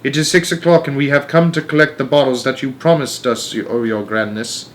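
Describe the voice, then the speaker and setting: A man's voice: medium pitch, steady tone, brisk, pitched above the performer's own voice, close to an everyday voice. A man voicing a meek, timid female witch servant in a read-aloud storybook. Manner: meek and hesitant.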